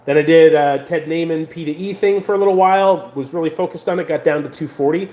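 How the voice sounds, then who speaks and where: A man's voice: a little high, fast. American guy rambling into the camera, lots of likes and restarts, roomy echo. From United States. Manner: rambling, animated, many fillers and restarts. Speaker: vlogger. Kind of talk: casual vlog monologue.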